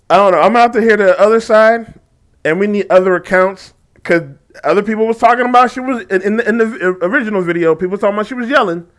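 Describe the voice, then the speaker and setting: A man's voice: high-pitched, a little fast, pauses often. A man giving casual reaction commentary on a video, mocking and laughing often, with frequent swearing.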